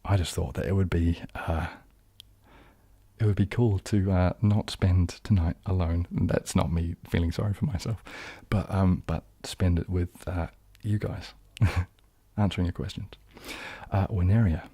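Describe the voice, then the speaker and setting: A young ASMR streamer from New Zealand hosts a live chat in a low, dark, husky voice, his accent drifting toward southern English. Intonation is fairly even and the pace measured, with a close, dry sound and no echo, as he rambles casually through ums and false starts, poking fun at himself.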